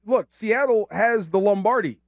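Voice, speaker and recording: A sports talk radio host with a high-pitched voice, a man who argues his points in an emphatic, opinionated way. His voice is close and dry in the studio. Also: moderate pace, dry recording.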